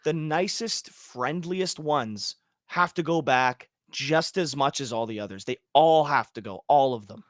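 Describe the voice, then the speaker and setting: A man's voice: medium pitch, unhurried, dry recording, studio quality. A man co-hosting a podcast in casual chat, ranting in a heated, emphatic way and swearing freely. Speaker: podcast co-host.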